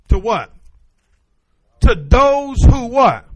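A man's voice: extremely high pitch, slow pace, long pauses. A male pastor preaching a sermon, calling out questions to the congregation and answering them himself. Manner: call-and-response preaching, animated.

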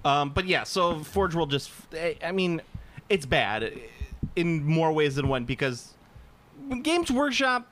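A man's voice: a little high, sing-song, takes it slowly, a bit bright, slight background noise. Rambling, swearing man in casual chat. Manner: rambling, swears freely, laughs often.

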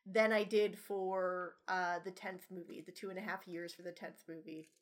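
A woman's voice: fairly low pitch, level tone, normal speed. A woman co-hosting a podcast in casual chat, ranting animatedly with lots of swearing and laughter. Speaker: podcast co-host.

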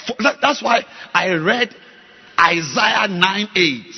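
A man preaching a sermon, his voice bright and cutting. He swings between hushed, confiding passages and shouted peaks. His tone carries a strong rasp throughout. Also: high voice, expressive, takes it slowly. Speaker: pastor.

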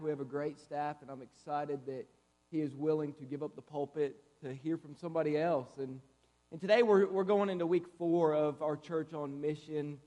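Casting: high-voiced male guest preacher, chatty and playful, delivering a church sermon in a reverberant sanctuary. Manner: lively, conversational preaching with playful asides. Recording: reverberant hall.

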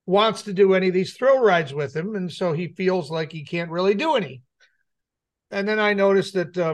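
A middle-aged man co-hosting a talk show, telling a rambling personal story and acting out what people said. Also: high voice. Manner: rambling anecdote with acted-out quotes. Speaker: radio show co-host. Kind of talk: casual storytelling chat.

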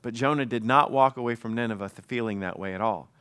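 A middle-aged man preaching a sermon as pastor, telling a personal story with animated quoted bursts. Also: mid-range voice, fast talker, smooth.

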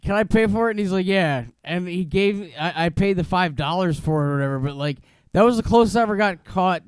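A young man with a fairly high, smooth, clean-toned voice tells a story in an easygoing, profane way. The mic is close and dry, with no echo. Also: quick pace. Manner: laid-back, profane, chatty. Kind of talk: casual storytelling chat.

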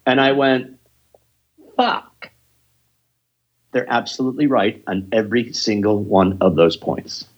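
A man talks through his years as an improv teacher with blunt, profane passion. His voice is husky and the recording sounds dull and lo-fi. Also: fairly low pitch, moderate pace. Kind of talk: casual podcast interview.

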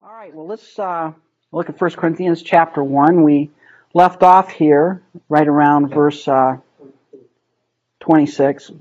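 Man, Bible study teacher, slightly high voice, chatty and questioning, muffled lo-fi recording. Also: fairly even intonation, slow pace, darkish tone. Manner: conversational, asks the group questions, many ums and rights.

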